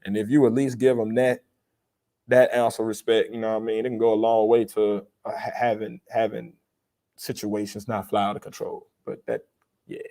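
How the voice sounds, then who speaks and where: A man's voice: on the low side, level tone, moderate pace, warm tone. A man hosting a live re-watch stream of his podcast, talking earnestly and rambling about respect and the power of words. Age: adult with a young child. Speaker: podcast host.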